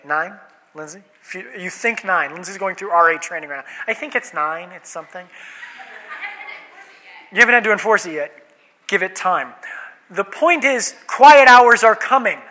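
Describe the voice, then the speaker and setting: A man's voice: high voice, animated, moderate pace, bright, forceful tone. A man preaching a sermon in a conversational way, asking rhetorical questions and voicing quoted speech. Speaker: pastor. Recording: long hall reverb.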